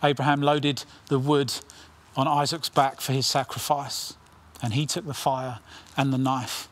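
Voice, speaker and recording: A middle-aged man preaching a sermon with earnest intensity, dropping his voice low on key lines. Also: level tone. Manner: earnest, dramatic pauses, drops to near whisper on key lines.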